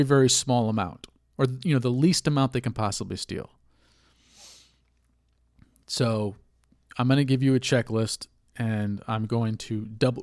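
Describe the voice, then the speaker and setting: A man talks through a solo podcast episode in a loose, rambling, candid way, rueful and quick to swear. His nose is stuffed up and sniffly from allergies. His voice sits at a middling pitch, recorded close and dry with no room sound. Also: darkish tone, no echo. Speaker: podcast host. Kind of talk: casual solo podcast monologue.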